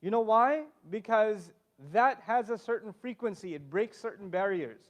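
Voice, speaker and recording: A man with a very high voice gives a humorous conference lecture. He is animated and jokes with the audience as he talks to them directly. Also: moderate pace. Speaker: conference speaker.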